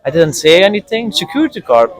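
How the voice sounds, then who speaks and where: A man with venting in a casual chat, animated and frustrated, mimicking a partner's nagging. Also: high voice, fast, faint music behind, poor audio. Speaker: guest telling his own story.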